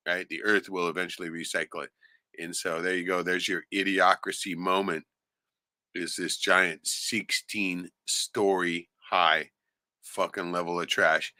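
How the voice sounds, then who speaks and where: Sarcastic man, swears constantly, very bright tense voice, dry close sound. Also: fairly low pitch, no echo. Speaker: commentary streamer. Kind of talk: casual profane commentary on clips.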